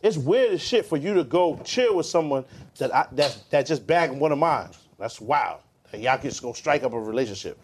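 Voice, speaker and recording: A young man in casual podcast chat, slangy and animated, laughing often. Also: medium pitch, moderate pace, breathy edge.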